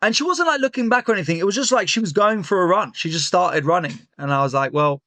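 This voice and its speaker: A man's voice: sits high, animated, fast, bright, forceful tone, no room sound. A young man, a comedian guest, telling a story in casual chat with lots of fillers and restarts over a remote call.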